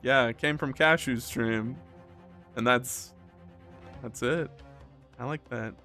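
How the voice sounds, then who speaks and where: A young man casually chatting on a live stream while playing a game, animated and quick to laugh. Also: medium pitch, faint music behind. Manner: animated, laughs often, breaks into loud outbursts. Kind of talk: casual live-stream chat, reading game lines aloud.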